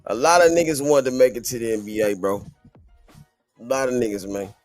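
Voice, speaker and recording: A man's voice: mid-range voice, brisk, darkish tone, no echo, faint music behind. Stream host man, slangy and incredulous, dry close sound. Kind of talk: live-stream reaction commentary.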